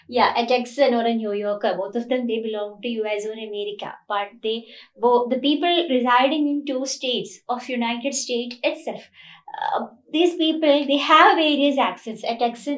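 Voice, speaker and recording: A woman's voice: on the high side, distant mic. A woman with an Indian English accent, a college lecturer explaining with many repeats and fillers. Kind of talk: classroom lecture. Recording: echoey room, voice away from the mic.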